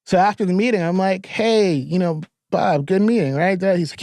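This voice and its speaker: A middle-aged man from New York, a podcast guest telling stories in a lively, profane, laughing way. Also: high voice, moderate pace, no room sound, studio quality. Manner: animated, profane storytelling with frequent laughter. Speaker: podcast guest, therapist and filmmaker. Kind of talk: casual storytelling interview.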